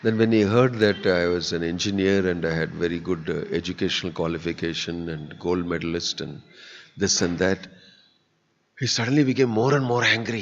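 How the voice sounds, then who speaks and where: A man's voice: low voice, moderate pace, slight background noise. Preaching man in a reverberant hall. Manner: earnest, conversational, acts out quoted people. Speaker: spiritual teacher giving a discourse. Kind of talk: sermon. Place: temple hall. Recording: dull lo-fi audio with long hall reverb.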